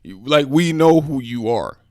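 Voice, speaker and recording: A man's voice: medium pitch, animated, a little slow, dry recording, clean studio sound. A man co-hosting a podcast in casual chat, laid-back and trailing off often. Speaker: podcast co-host.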